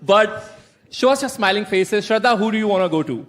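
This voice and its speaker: A woman's voice: medium pitch, expressive, a little fast. A woman moderating a live on-stage session, upbeat and speaking directly to the crowd. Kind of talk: live event hosting.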